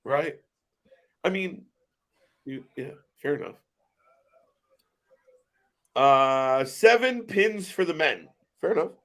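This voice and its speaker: A man's voice: on the high side, lively intonation, takes it slowly, pauses often, a bit bright. A man co-hosting a casual wrestling watch-along, joking, swearing and laughing a lot. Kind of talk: casual live-stream commentary.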